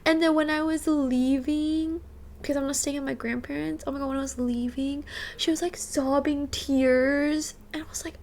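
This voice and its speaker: Chatty young woman with a gravelly voice. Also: sits high, fairly even intonation, normal speed, darkish tone, a little hiss or hum. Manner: chatty and bubbly, lots of "like", thanks subscribers by name. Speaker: livestreamer. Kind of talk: casual chat with viewers. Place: rented apartment.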